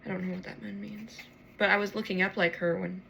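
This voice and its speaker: A woman's voice: mid-range voice, fairly even intonation, fairly quick, creaky, a bit bright, a little hiss or hum. A tired woman rambling to herself late at night as she pulls tarot cards, swearing freely and yawning. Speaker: tarot reader.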